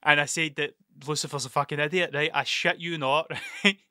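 Guy podcasting solo, bright voice, swears a lot, keeps cutting himself off, dry close sound. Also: fairly high pitch, steady tone, fairly quick, no room sound. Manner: rambling, sweary, self-interrupting. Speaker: podcast host. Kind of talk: casual solo podcast storytelling.

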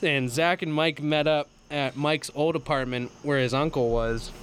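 A young man co-hosting a casual podcast, telling stories with lots of swearing and loud, high bursts of laughter. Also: moderate pace, a little hiss or hum. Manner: profane, animated storytelling with loud high laughs. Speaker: podcast co-host. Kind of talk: casual storytelling chat.

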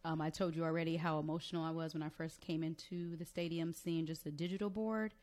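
A woman's voice: deep voice, fast. A woman co-hosting a wrestling podcast, talking casually and expressively with frequent laughs. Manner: emotional, expressive, laughs often. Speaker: podcast co-host. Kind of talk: casual chat.

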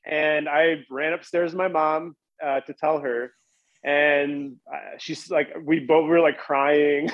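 A man's voice: on the high side, little pitch movement, takes it slowly, dry recording, dull audio. Rambling man telling a career story. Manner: rambling, frequent "like" and restarts. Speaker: guest. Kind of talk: casual storytelling.

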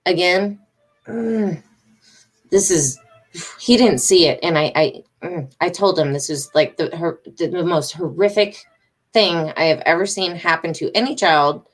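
A woman's voice: lowish voice, unhurried. A middle-aged woman telling a story casually to her followers, agitated, emphatic and rambling, with swearing. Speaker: vlogger.

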